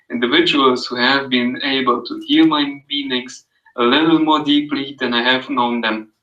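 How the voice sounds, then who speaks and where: A man with an accent reads a reflective passage in a slow, soothing, meditative voice. His tone is bright and forceful. The sound is roomy and comes from a little way off the mic, like an echoey remote call. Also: mid-range voice, recorded from a distance, lo-fi sound. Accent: non-native English. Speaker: guest. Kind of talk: reading a passage aloud on a call-in show.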